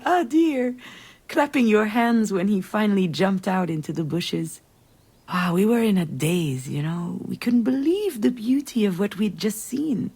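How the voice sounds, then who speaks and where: A woman's voice: mid-range voice, darkish tone, breathy edge. A woman voicing a wry, anxious middle-aged woman in a video game, speaking earnestly and with feeling. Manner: earnest, emotional storytelling.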